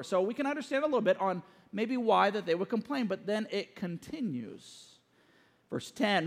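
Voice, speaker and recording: A man preaching a sermon as pastor, joking and storytelling with lively energy. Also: very high-pitched. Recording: long church hall reverb.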